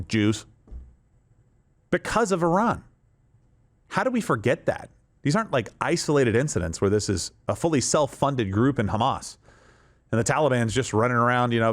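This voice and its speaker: Guy hosting a commentary show, really animated voice, emphatic and sarcastic. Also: mid-range voice. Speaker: host. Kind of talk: political commentary chat.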